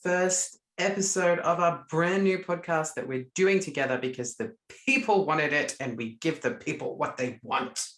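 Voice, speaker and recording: A man's voice: on the high side, moderate pace, few pauses, fairly bright tone, reverberant. A man, joking cheekily and campily as a podcast co-host. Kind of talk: casual chat.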